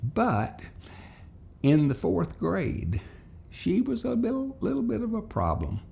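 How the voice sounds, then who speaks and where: A man telling a childhood story as a moral lesson for children and parents, in an animated, folksy way. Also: sits high, takes it slowly, creaky.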